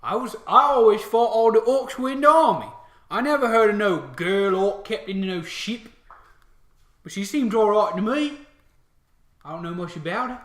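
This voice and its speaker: A man voicing dim-witted, squabbling male orc guards in loud, simple-minded grumbles. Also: high-pitched, expressive, normal speed, pitched above the performer's own voice. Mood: gossiping. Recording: echoey room.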